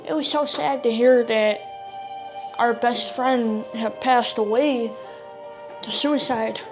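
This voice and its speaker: A woman's voice: fairly high pitch, slow, music in the background, low-quality recording. A woman casually telling a creepy true story, cursing freely and retelling what everyone said. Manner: casual, swears freely, retells talk with "I'm like".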